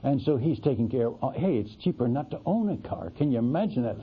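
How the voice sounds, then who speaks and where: A man, a missionary preacher, tells a story from the pulpit in an animated, folksy way, often restarting his sentences. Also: medium pitch, fast talker, a little hiss or hum. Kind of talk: storytelling sermon. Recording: tinny, lo-fi radio broadcast.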